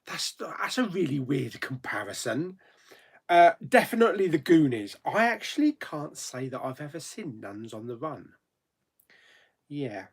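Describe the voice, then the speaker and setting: A man's voice: on the high side, very animated, unhurried, slightly rough. A man hosting a live chat stream, greeting viewers one by one by name in an easygoing, chatty way. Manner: easygoing, thinks aloud with ums and asides.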